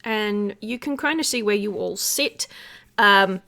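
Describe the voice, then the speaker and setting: A woman's voice: medium pitch, measured pace, gravelly, pushed and bright. A woman narrating a tabletop game as game master, chatty and giggly with many fillers.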